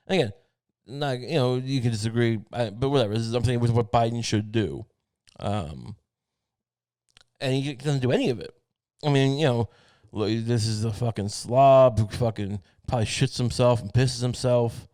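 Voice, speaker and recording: Profane rambling podcast host, dry sound. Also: male voice, medium pitch, expressive, fairly quick, a little mellow, dry recording. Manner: profane, rambling, many restarts. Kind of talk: casual comedic rant.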